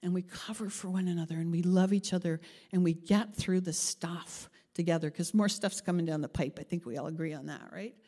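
A woman pastor preaching a sermon, telling a story with lively acted-out voices and frequent laughs. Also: fairly low pitch, a little fast, few pauses, big-room sound. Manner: animated, acts out voices in her story, laughs often.

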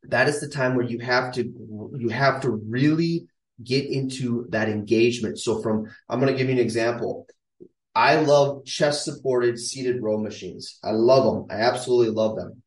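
A man's voice: mid-range voice, moderate pace, recorded from a distance. Emphatic male fitness coach in echoey room. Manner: emphatic, coaching, repeats key points. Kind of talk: casual instructional talk to camera.

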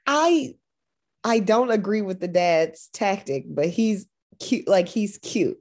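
A young woman with an average-pitched voice talks through a movie on a podcast. She is relaxed and slangy and laughs easily. Her delivery is loose and conversational. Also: takes it slowly. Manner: laid-back, giggly, slangy. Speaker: podcast co-host. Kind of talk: casual movie recap chat.

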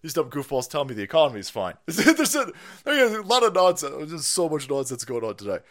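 A man's voice: on the high side, wildly swooping pitch, brisk, a bit bright. A man hosting a casual ranting live stream, profane and mocking, laughing often and putting on silly voices. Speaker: political stream host.

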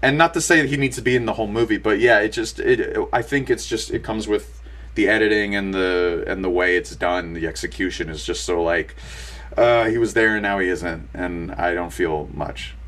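Rambling young man, low voice. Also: moderate pace, fairly bright tone. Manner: rambling, many fillers and restarts, laughs often. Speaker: podcast co-host. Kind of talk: casual movie review chat.

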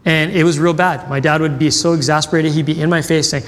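A man's voice: on the high side, fairly even intonation, quick pace, a bit bright. Storytelling male preacher, reverberant hall. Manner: conversational, acts out quoted dialogue. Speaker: pastor. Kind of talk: sermon with personal storytelling.

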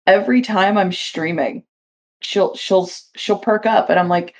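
A woman's voice: medium pitch, unhurried, muffled recording. A woman co-hosting a casual podcast, telling playful stories and laughing often. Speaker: podcast co-host.

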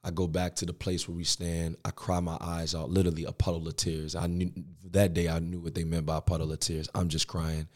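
Young guy pastor, real low voice, slangy storytelling, gets loud and excited. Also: fairly quick, hardly any pauses. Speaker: pastor and podcast guest. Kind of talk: storytelling interview.

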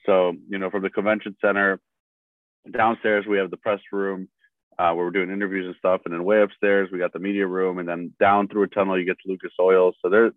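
A man's voice: sits low, flat delivery, fairly quick, no room sound. A young adult man, a sports reporter, telling rambling stories full of fillers in a casual podcast chat. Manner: rambling, filler-heavy storytelling. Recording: tinny dry phone line.

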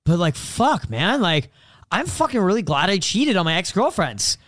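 A young man in casual podcast chat, talking fast and profanely about his own life, acting out what others said. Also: sits high, very animated, fairly bright tone, no echo, studio quality. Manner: fast, profane, confessional, acts out quotes. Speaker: podcast co-host.

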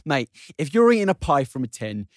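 Young man with a lively, fairly high voice, rambling and sweary, laughing often as he co-hosts a podcast. The sound is dry and close, with no room around it. He talks in loose, easygoing banter. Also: brisk, dry recording. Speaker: podcast co-host. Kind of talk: casual banter.

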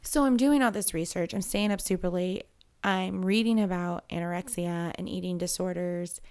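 A woman's voice: lowish voice, moderate pace, a little mellow, clear, resonant tone. A woman in her thirties talking openly and emotionally in a personal conversation, rambling and restarting as she works through her feelings.

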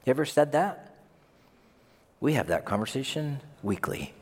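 A male pastor preaching a sermon, swinging from hushed to near-shouting. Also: mid-range voice, very animated, moderate pace, long pauses. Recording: long reverb of a large hall.

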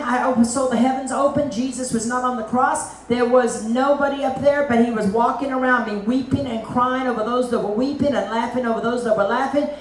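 A woman's voice: a little high, a little hiss or hum. Woman preaching in an echoey hall. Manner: lively storytelling with folksy asides. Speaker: evangelist. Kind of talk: testimony preaching. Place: church meeting hall. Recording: echoey hall, mic at a distance.

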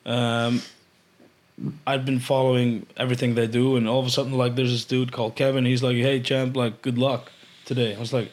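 An Icelandic man, a podcast guest, telling casual stories with lots of swearing and loud acted-out quotes. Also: medium pitch, fairly quick. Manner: animated, swearing, acts out quotes loudly. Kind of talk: casual storytelling chat.

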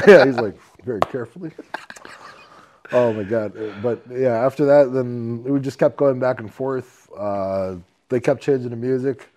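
A man co-hosting a podcast in casual chat, telling a rowdy story with lots of laughter, swearing and loud acted-out quotes, a bit tipsy. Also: medium pitch, normal speed. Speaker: podcast co-host.

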